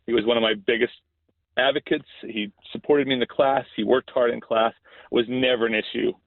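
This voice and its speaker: In this podcast interview, a middle-aged principal narrates a story earnestly, often starting his phrases over. His medium-pitched voice has fairly even intonation and a brisk pace. The audio lacks echo but has a thin, phone-line quality.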